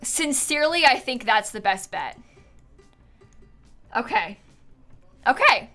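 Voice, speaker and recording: A woman's voice: high voice, big pitch swings, slow, bright, forceful tone, soft background music. A woman streamer chatting casually while she builds in a game, thinking aloud with lots of fillers and frequent giggles, and yawning now and then. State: yawning, tired.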